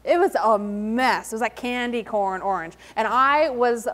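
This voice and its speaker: A woman with a slightly high voice gives a motivational talk to a live audience. She tells her stories with lively energy, plays out the dialogue herself, and calls her listeners "friends" as she speaks to them directly. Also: measured pace. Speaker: invited speaker at an entrepreneurship event. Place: event hall in front of an audience.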